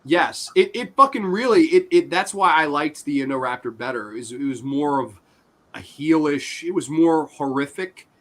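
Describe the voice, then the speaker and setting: A man's voice: fairly high pitch, animated, moderate pace, a bit bright. A man hosting a casual film podcast, talking in a rambling way with restarts and the odd curse word. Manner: rambling, with frequent restarts and swearing. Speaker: podcast host.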